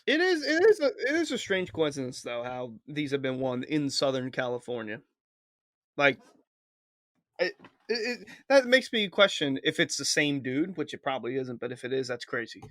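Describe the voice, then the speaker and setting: A man's voice: mid-range voice, big pitch swings, moderate pace, a bit bright. A man co-hosting a podcast, wry and teasing in casual chat. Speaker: podcast co-host.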